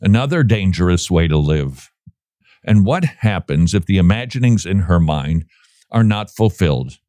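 A man hosts a casual commentary show, sarcastic and quick to laugh. His pitch leaps up and down as he mocks and then turns serious. The recording is close and dry. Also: dry recording. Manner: sarcastic, animated, laughs often. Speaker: podcast host.

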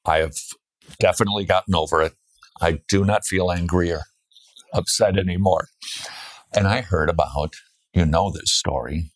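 A very deep male voice belongs to this radio host, who jokes and teases his guest in relaxed banter. He tells stories from his own past in a casual interview style. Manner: joking, teasing banter.

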